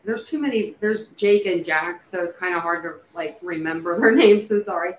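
A woman's voice: lowish voice, moderate pace. Rambling woman chatting on a livestream. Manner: rambling, speculative, many fillers and restarts. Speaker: true crime livestream host. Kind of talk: casual livestream chat. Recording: echoey room with faint background noise.

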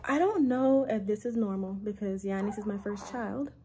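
Chatty young mom vlogging over noise. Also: female voice, medium pitch, moderate pace. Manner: animated, frank, talks with lots of "like". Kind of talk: casual vlog chat.

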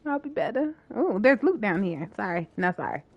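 Playful lively streamer woman. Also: mid-range voice, moderate pace, no echo, muffled recording. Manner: playful, swears and laughs often. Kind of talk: casual gaming chat.

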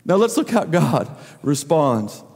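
A man's voice: fairly high pitch, sing-song, takes it slowly, darkish tone. A man preaching a sermon as the pastor, emphatic and full of rhetorical questions. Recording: long reverb of a large hall.

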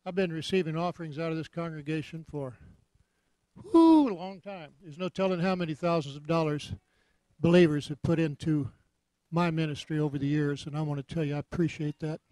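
Folksy Texan preacher, higher voice. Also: male voice, fairly even intonation, fast, darkish tone, no room sound. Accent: Texas. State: hot and sweating. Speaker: visiting minister. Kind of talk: sermon and offering appeal.

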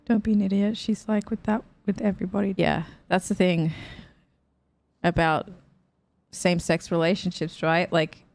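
A woman's voice: fairly low pitch, level tone, normal speed, gravelly, darkish tone. A woman streamer giving chatty, emotional let's play commentary, swearing freely as she reacts to the game. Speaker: gaming streamer.

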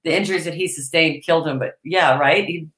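Blunt, bright-voiced woman comedian. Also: low voice, brisk, roomy sound. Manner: blunt, swears freely. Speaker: comedian guest. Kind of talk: casual chat.

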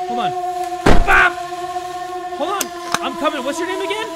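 Excitable young man playing games. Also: very high-pitched, moderate pace, pauses often, heavy background noise. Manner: excitable, crude joking, loud outbursts. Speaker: gaming YouTuber. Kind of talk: let's-play commentary.

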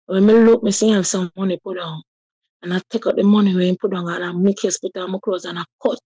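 A woman in her thirties with a Jamaican accent speaks in a husky, mellow voice. She tells a personal story with deep feeling, slipping into patois. The sound is dry and close. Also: steady tone, fast talker, no echo, lo-fi sound. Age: 30s. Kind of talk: personal testimony.

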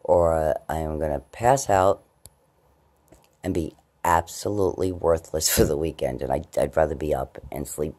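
A woman vlogging casually at home, rambling about her day and her eyesight, and slipping into high baby talk with her cats. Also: normal speed, darkish tone. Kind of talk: casual late-night vlog. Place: at home, indoors.

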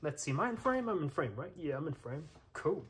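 A very animated tech reviewer with a fairly high voice moves briskly through a hands-on test on camera. He keeps up chatty commentary on each step, thinking aloud with lots of fillers and checks.

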